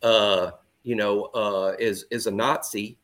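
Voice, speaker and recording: A man co-hosts a sports podcast in relaxed, casual chat. He talks haltingly, often repeating words and restarting his sentences. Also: on the low side.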